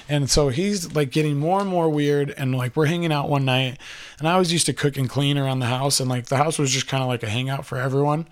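A man's voice: mid-range voice, brisk. A young man telling a personal story in a loose, rambling way, full of filler words and swearing.

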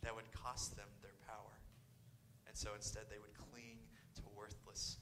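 A man's voice: lowish voice, flat delivery, normal speed, noisy background. A man preaching a sermon, earnest and often repeating his words, sometimes dropping almost to a whisper. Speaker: pastor.

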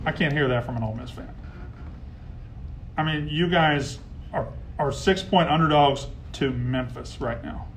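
A man hosting a casual live sports talk stream, heckling rivals and getting loud when riled. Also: a little high, measured pace, pauses often, a little hiss or hum. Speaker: sports show host.

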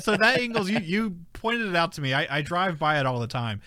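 Male co-host, talkative and quick to laugh, higher-pitched and dry. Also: pushed and bright, no echo. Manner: chatty, giggly, many "like" fillers. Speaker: podcast co-host. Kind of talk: casual chat.

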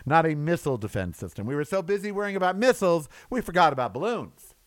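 Sarcastic man ranting, lively high voice. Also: fast, no echo. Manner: sarcastic, exasperated, mocking asides. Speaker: commentator. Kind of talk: ranting monologue.

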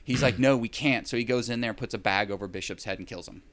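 A man's voice: lowish voice, rapid-fire, fairly bright tone. A man in casual chat, recapping a film in a rambling way with wry, sarcastic asides.

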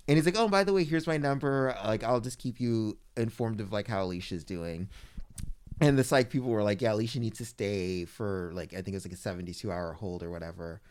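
A man's voice: lowish voice, fairly quick, darkish tone, clear, resonant tone. A man telling a long personal story in casual chat. He talks animatedly, fills it with "like", and mimics the people he quotes.

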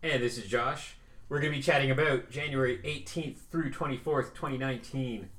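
A man's voice: mid-range voice, steady tone, a little fast, fairly bright tone. A man from Canada co-hosting a podcast, chatting casually and telling wry stories. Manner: wry anecdotes, laughs along. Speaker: podcast co-host. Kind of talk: casual chat, storytelling. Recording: echoey room with faint noise.

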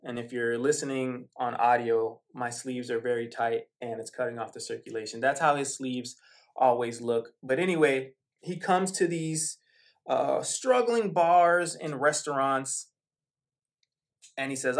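A man's voice: medium pitch, normal speed. A man hosting a podcast, talking through football in a rambling, conversational way with asides and fillers. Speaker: podcast host. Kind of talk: casual sports commentary monologue.

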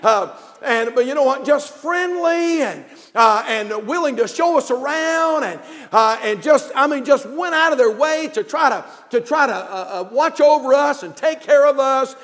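A pastor from North Carolina with a Southern accent, preaching a fervent sermon with repeated phrases, swinging from quiet asides to shouts. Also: male voice, very high voice, expressive, normal speed, big-room sound. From North Carolina, USA.

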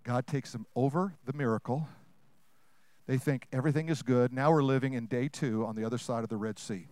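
A man preaching a sermon to a congregation, asking them questions and swinging between loud, fast bursts and hushed, slow lines. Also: medium pitch, steady tone, no room sound.

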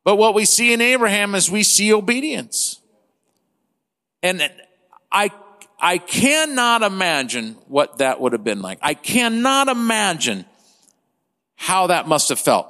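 Fifty-something guy preaching, high voice, goes loud then real quiet, lotsa hall echo. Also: sing-song, a little slow, pauses often. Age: 50s. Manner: impassioned, swings between loud and hushed. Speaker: pastor. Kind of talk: sermon. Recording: long hall reverb.

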